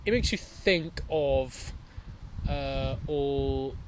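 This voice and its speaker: A man's voice: mid-range voice, drawn-out words, noisy background. A man co-hosting a comedy podcast, telling rambling anecdotes full of crude jokes in casual chat. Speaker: podcast co-host.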